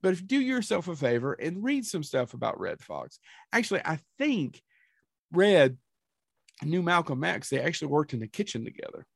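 A man's voice: on the high side, sing-song, normal speed, gravelly, breathy edge, dry recording, studio quality. A man co-hosting a podcast, chatting casually in a rambling, tangential way with some profanity. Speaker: podcast co-host. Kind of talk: casual chat.

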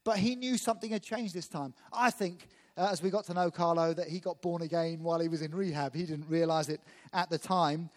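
A man from England preaching a sermon quickly and emphatically, turning to the congregation with asides. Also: fairly high pitch. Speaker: visiting pastor. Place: church hall. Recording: echoey church hall.

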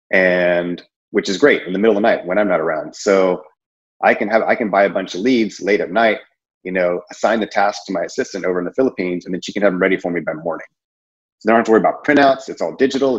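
Rambling low-voiced man, lo-fi. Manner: rambling, conversational, many fillers and restarts. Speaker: insurance sales presenter. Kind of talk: casual training talk.

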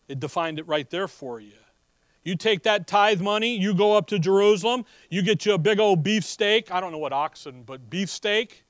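A man preaching a sermon, reading scripture and explaining it in a folksy, animated way. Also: fairly high pitch, no echo.

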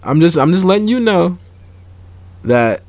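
A man's voice: high-pitched, sing-song, a little slow, a little mellow, no room sound. Earnest man explaining, dry sound. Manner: earnest, explaining patiently, many restarts. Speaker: podcast co-host. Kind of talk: casual chat.

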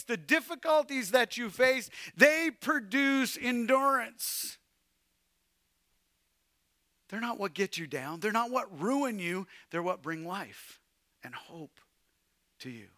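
High, bright-voiced preacher man. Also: expressive, a little slow, hardly any pauses, no room sound, clean studio sound. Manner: preaching with swings from loud to hushed. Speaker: pastor. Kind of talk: sermon.

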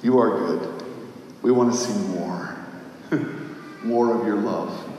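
Impassioned preacher in an echoey hall. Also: male voice, on the low side, slow pace, far from the mic, a little hiss or hum. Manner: impassioned, swinging between shouting and hushed prayer. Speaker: pastor. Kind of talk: sermon. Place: church sanctuary. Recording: echoey hall, faint ambience.

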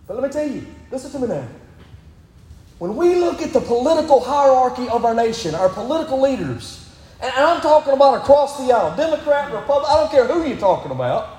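Emphatic high-voiced pastor preaching in a hall. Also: male voice, big pitch swings, fast talker, darkish tone. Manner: emphatic, repeatedly urging "listen". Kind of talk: sermon. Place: church sanctuary. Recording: echoey hall.

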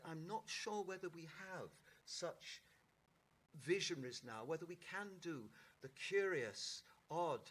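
A middle-aged actor telling anecdotes in an interview, in a lively raconteur's manner with halting restarts. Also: male voice, a little high, breathy edge. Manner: animated raconteur, mimics voices, halting restarts. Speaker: actor guest.

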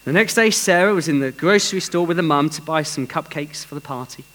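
An earnest man preaches a sermon and tells a story to the congregation. His voice sits a little high for a man. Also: brisk, a bit bright, poor audio. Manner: earnest, with some restarts.

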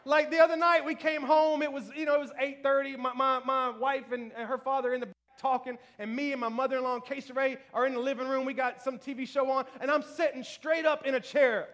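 Very high-pitched and fairly bright, a pastor in his thirties preaches fast with fairly even intonation and hardly any pauses. He's conversational and self-deprecating in church, laughing frequently and repeating "you know what I mean."

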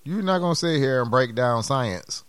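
A man's voice: mid-range voice, expressive, moderate pace, smooth, no room sound. A man co-hosting a podcast, chatting casually, playfully indignant and laughing often. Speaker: podcast co-host. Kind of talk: casual comedic chat.

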